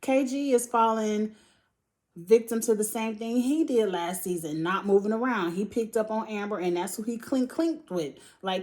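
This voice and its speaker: A woman's voice: a little high, moderate pace, a little mellow. A young woman host casually recapping a reality TV episode, blunt and profane, acting out mock quotes with lots of laughter.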